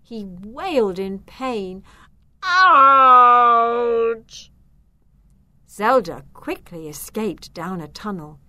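A woman reading a children's story aloud in an expressive, unhurried way. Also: medium pitch, no echo.

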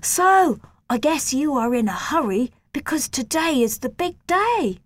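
A woman's voice: extremely high pitch, sing-song, unhurried, pitched above the performer's own voice, exaggerated voice. A woman voicing a cheerful young schoolboy who calls out eagerly to his best friend in a storybook reading. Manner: bright, calling out eagerly.

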